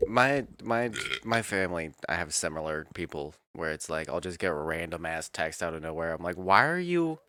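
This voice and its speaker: A man's voice: extremely low pitch, steady tone, normal speed, hardly any pauses, bright, forceful tone, no echo. A man co-hosting a podcast in casual chat, laid-back and swearing casually. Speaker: podcast co-host.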